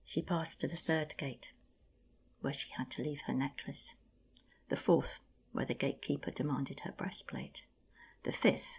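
A woman telling an old myth aloud in a hushed, half-whispered narration with a husky, gravelly voice. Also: low voice. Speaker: storyteller. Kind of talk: oral storytelling of a myth.

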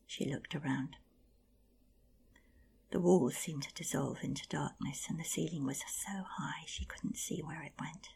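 A woman telling an old myth aloud in a hushed, half-whispered narration with a husky, gravelly voice. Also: low voice, fairly even intonation, unhurried. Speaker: storyteller. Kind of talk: oral storytelling of a myth.

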